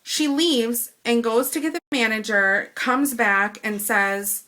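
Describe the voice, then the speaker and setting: A young woman from Wisconsin rants through a story about a shop visit, indignant and animated. Her voice is bright and sharp. She speaks into a home camera mic. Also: fairly high pitch, takes it slowly. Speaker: vlogger. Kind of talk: angry storytime rant.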